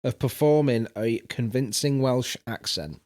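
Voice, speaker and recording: A man's voice: medium pitch, measured pace, darkish tone. A man co-hosting a casual podcast, reading out instructions step by step and teasing his co-host with casual swearing.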